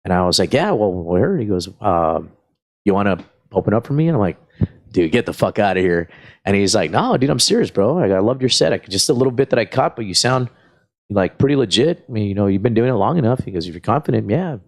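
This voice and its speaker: In a loose storytelling session, a visiting comedian rambles through extended anecdotes, cursing often and briefly imitating the characters involved. He speaks at an easygoing, wandering pace in a somewhat low voice, animated and profane throughout.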